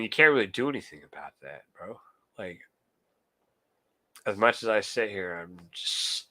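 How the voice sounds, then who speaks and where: The voice is deep with a sharp tone, recorded with no echo. A young man streaming live talks to his chat in a casual, heated monologue, swearing constantly.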